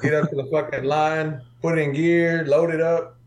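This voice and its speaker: A man telling a story in a casual podcast chat, profane and animated. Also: a little high, normal speed, a little hiss or hum.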